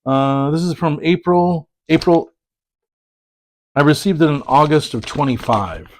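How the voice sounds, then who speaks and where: A man whose voice sits on the high side talks at a measured pace, with no echo. Opening packages, this print collector vlogger chats casually about prints, rambling and correcting himself amid plenty of fillers.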